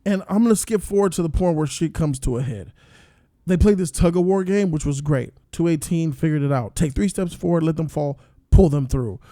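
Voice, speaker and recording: A man tells the story of a show in a casual, slangy review, with plenty of energy in his delivery. His voice is gravelly and dark, a little higher than most men's, and it sits in a dry, close recording. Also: dry recording.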